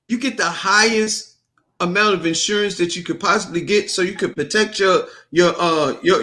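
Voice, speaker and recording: Man, high bright voice, animated sports co-host, joking rants. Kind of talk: casual sports talk.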